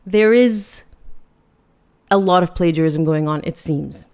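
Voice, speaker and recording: A woman's voice: low-pitched, lively intonation, moderate pace, gravelly, long pauses, dark tone. A woman hosting a podcast, giving chatty, sarcastic and critical commentary. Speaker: podcast host. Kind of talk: casual opinion commentary.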